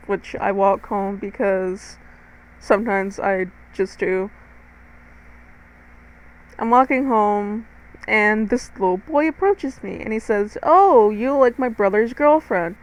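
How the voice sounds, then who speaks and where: Slow-talking teenage girl telling a story. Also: medium pitch, clear, resonant tone, low-quality recording. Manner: chatty and dramatic, swears freely, talks straight to viewers. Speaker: storytime vlogger. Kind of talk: casual storytime narration.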